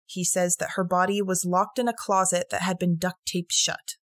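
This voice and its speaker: A woman's voice: on the low side, level tone, normal speed, no room sound. A woman co-hosting a true-crime podcast, telling the case casually, acting out quotes and swearing. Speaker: podcast co-host.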